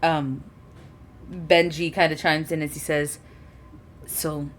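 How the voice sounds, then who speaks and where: A woman game master narrating a tabletop fantasy session in a relaxed, unhurried way. Her voice sits on the low side, and she swears and laughs easily as she describes the scene. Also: slight background noise. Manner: casual, laughing, swears freely.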